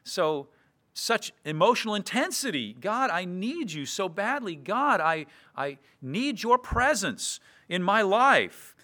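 Male preacher, slightly high, clear bright voice, earnest expository delivery. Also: very animated. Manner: earnest, slows down to read scripture verses. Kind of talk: expository sermon.

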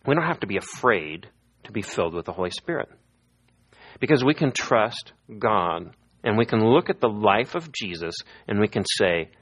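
Lively low-voiced man preaching a sermon. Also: moderate pace, husky. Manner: lively storytelling, acting out quoted voices. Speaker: pastor.

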